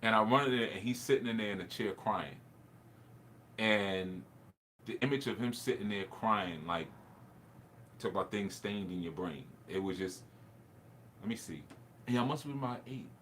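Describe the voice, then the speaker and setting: A man's voice: on the low side, moderate pace, long pauses, a bit bright, slight background noise. A man, a spiritual teacher, telling a personal story in a rambling, reflective way, with laughs and restarts.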